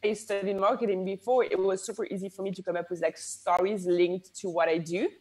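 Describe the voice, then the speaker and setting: A woman from France with a French accent, a business coach telling her story as a guest in a casual interview, animated and laughing often. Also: medium pitch, brisk, poor audio.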